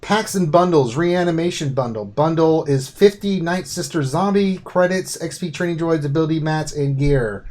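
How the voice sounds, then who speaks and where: A man with a slightly higher voice co-hosts a casual gaming live stream. He runs through game update notes item by item and breaks off now and then for jokey asides. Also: normal speed, hardly any pauses, a little mellow. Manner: reads patch notes aloud, then jokes and asides.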